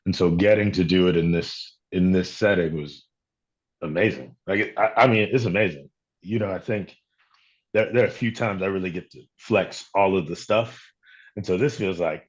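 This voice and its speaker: A man with a low voice chats as an interview guest. He is playful, laughs often and restarts his phrases. The sound is muffled and lo-fi, like a video call. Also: moderate pace. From Chicago. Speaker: actor guest. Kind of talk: interview conversation.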